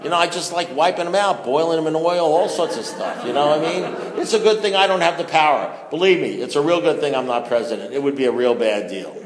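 A man telling his own recovery story to a room as comic storytelling, animated and rambling, self-mocking, stumbling over stammered restarts. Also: a little high, fast talker, few pauses. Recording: echoey hall with long reverb.

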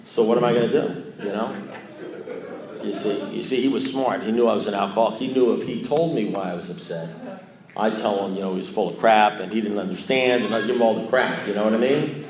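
At a recovery meeting in an echoey room with crowd noise, a man in his sixties tells a group a rambling, joking story about his own recovery. His voice is fairly low and a little fast, and he swears casually and keeps restarting his sentences.

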